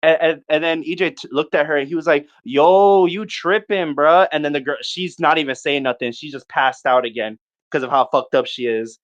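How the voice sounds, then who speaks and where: On a casual podcast, a young man with a fairly high voice tells a long party story, animated and profane, acting out his friends' lines in quick bursts. The recording sounds muffled.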